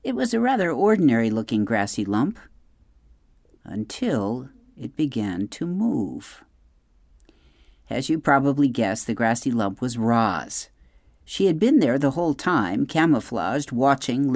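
A narrator reading a children's chapter book aloud in an expressive, lively way. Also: mid-range voice, a little slow, dry recording, clean studio sound. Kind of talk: storybook read-aloud.

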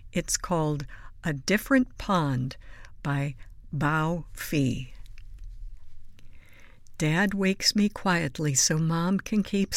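A woman reading children's picture books aloud in a gentle, soothing storybook voice, sometimes dropping to a whisper. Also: on the low side, no room sound. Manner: soft, slow and soothing, dropping to a whisper at times. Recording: dry close mic with faint music behind.

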